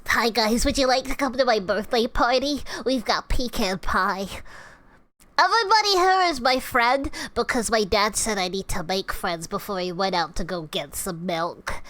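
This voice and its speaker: A woman voicing an innocent, excitable little boy with a nasal tone and loud gasping breaths during a livestream voice demo. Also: on the high side, moderate pace, no echo, close to an everyday voice. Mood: eager. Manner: breathless, eager, whiny when upset.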